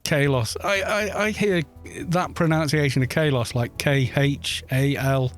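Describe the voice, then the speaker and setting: A man's voice: medium pitch, measured pace, faint music behind. A man from Wales chatting casually on a gaming live stream, rambling, laughing often and swearing at the game.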